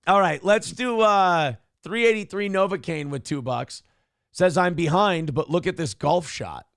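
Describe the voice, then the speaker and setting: A man co-hosts a loose morning talk show, joking around and needling his partner. His voice sits a bit high for a man and has a gravelly, fry-laden edge. The sound is dry and close. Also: measured pace, dry recording. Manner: teasing, joking, reads chat comments aloud. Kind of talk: casual banter show.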